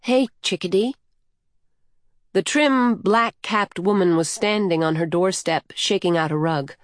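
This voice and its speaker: A woman reading a novel aloud in measured, even storytelling. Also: on the low side, no room sound, clean studio sound. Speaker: audiobook narrator. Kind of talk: scripted narration.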